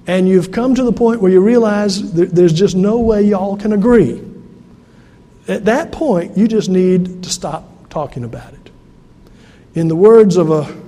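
A man's voice: sits high, dark tone. A man, a pastor preaching a sermon and telling stories with acted-out quotes. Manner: storytelling, acts out quoted voices. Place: church sanctuary. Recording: long hall reverb.

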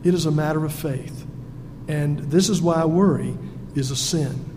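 A man's voice: fairly high pitch, a little slow. A man preaching a sermon in a folksy, humorous and emphatic way, recorded in a church sanctuary. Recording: echoey hall with faint noise.

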